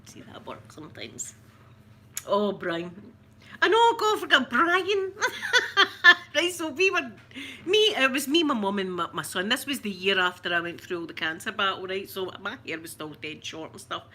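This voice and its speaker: Scottish lady rambling away to her chat, bright lively voice, lots of laughing. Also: mid-range voice, moderate pace, slight background noise. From Scotland. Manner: chatty, rambling, laughs often. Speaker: ASMR livestream host. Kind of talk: casual chat to live viewers.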